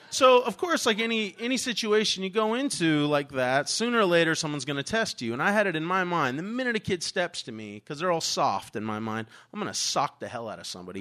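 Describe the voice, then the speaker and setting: A man with a bright, forceful voice sitting a little high for a man tells a story from his own life. He is candid and animated, swears without a second thought and laughs along the way. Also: fast, few pauses. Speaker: teacher telling a personal story. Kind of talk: personal storytelling monologue.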